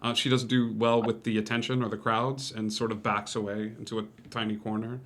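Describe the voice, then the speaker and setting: Man, game master, bright voice, lots of ums, laughing narration. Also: lowish voice, level tone, fairly quick. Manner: hesitant, many fillers and laughs.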